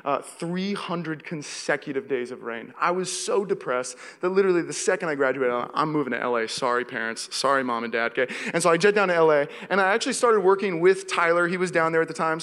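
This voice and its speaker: A man's voice: on the high side, fast, hardly any pauses, a bit bright. A young man from the Seattle area preaching a sermon as pastor, telling a story vividly and acting out his own panic. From Seattle area, USA. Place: church hall. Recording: long reverb of a church hall.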